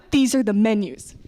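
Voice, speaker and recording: A woman's voice: on the high side, mellow, a little hiss or hum. A woman playing a blunt Dutch server who mutters dismissive orders at her customers. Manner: curt, half-muttered, dismissive.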